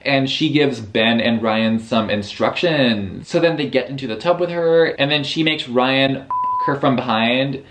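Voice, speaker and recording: Young male book vlogger, mid-range voice, profane, animated sarcastic recap. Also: medium pitch, unhurried, slight background noise. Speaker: book reviewer. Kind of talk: casual book recap vlog.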